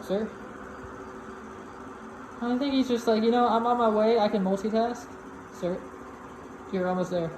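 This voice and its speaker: A woman giving casual unboxing commentary at home, chatty and slangy, talking to a robot vacuum as if it were a person. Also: lowish voice. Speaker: product reviewer. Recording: noisy home recording.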